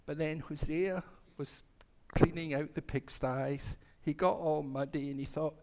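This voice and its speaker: A man telling a story to children during a church service, his voice pitched a little high. He acts out the characters in turn and breaks off to ask the children questions. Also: animated, unhurried, few pauses, darkish tone. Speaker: minister. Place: congregation hall.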